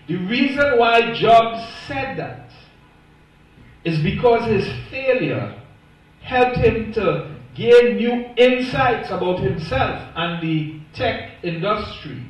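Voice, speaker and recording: A man's voice: high-pitched, expressive, slow, far from the mic. Emphatic man preaching in an echoey church. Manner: emphatic preaching, stressing single words. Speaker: pastor. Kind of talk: sermon. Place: church sanctuary.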